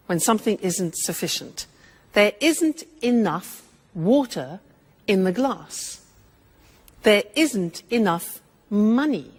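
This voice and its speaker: Woman English teacher, deliberate and expressive, slow pace. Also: mid-range voice. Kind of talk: English lesson explanation.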